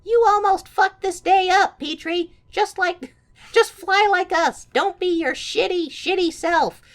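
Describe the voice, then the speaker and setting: A woman's voice: extremely high pitch, unhurried, a bit bright, voice pushed up, full character voice. A woman voicing a pack of bratty young flyer siblings who sneer and swear at their brother. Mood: taunting. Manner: sneering, profane mockery.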